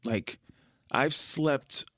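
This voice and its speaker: A Canadian man who is a musician guest, chatting casually and telling animated stories in which he acts out the people he quotes. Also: medium pitch, drawn-out words, dry recording, studio quality. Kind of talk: casual interview chat.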